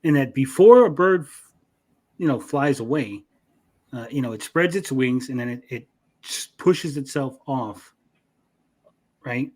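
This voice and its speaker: A man's voice: medium pitch, slow, long pauses. A man co-hosting an anime review podcast, casually retelling scenes with swearing and acted-out quotes. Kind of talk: casual chat.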